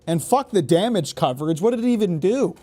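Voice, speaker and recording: A man's voice: sits high, lively intonation, fairly quick, warm tone. A man giving casual gameplay commentary, exasperated and profane, stammering and repeating words as he reacts. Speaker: gaming YouTuber.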